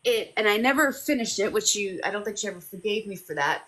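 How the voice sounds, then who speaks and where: A woman's voice: mid-range voice, a little fast, hardly any pauses, sharp tone, rough recording. A woman hosting a casual video chat, chatty and encouraging with her guest. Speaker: host.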